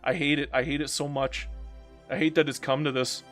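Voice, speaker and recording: A man from Canada, a strategy game streamer, chatting casually as he reads viewer comments and answers them in a blunt, rambling way that swings between animated and subdued. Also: a little high, brisk, soft background music.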